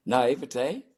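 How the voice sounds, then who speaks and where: An older man from the United States, a performance coach, telling lively stories in an interview and acting out his own reactions. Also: mid-range voice, husky. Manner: animated storyteller, acts out his own panicked voice. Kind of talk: storytelling interview talk.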